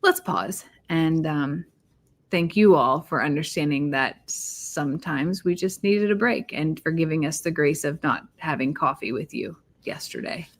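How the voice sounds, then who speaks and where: A woman co-hosting a casual chat, speaking candidly and gratefully in a soft voice. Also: low-pitched, a little slow. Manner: candid, soft-spoken, thankful. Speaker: co-host.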